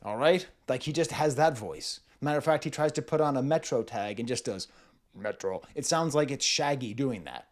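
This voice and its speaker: A man's voice: medium pitch, lively intonation, fairly quick, hardly any pauses. A man in his forties reviewing music in a casual, playful way, mimicking vocal styles and laughing as he goes.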